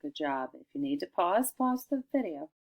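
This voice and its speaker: A middle-aged woman teacher dictating a recorded spelling lesson for children, sounding out each word slowly and clearly. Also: on the low side, sing-song, muffled recording.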